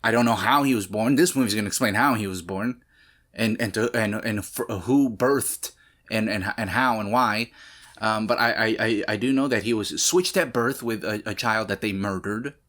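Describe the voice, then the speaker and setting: Man with a fairly low voice, movie reaction host, rambling chatty intro full of restarts and mock rants. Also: normal speed, fairly bright tone. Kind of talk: casual rambling vlog intro.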